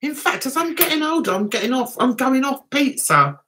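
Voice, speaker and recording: A woman's voice: high voice, very animated, fairly quick, background noise. A middle-aged woman hosting a casual livestream chat, chatty and giggling often. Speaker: livestream host.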